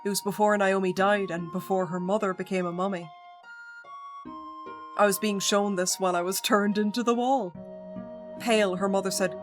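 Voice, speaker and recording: A woman's voice: medium pitch, normal speed, pauses often. A woman streamer reads a spooky visual novel aloud, giving the narration plenty of expression and breaking in with joking comments. Game music plays steadily beneath her voice. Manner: expressive reading, joking asides.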